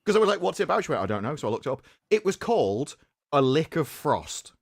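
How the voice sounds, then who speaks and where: A man's voice: a little high, big pitch swings, fast talker, creaky, dry recording, clean studio sound. A man co-hosting a casual livestream chat, rambling and stammering over repeated words as he tells stories.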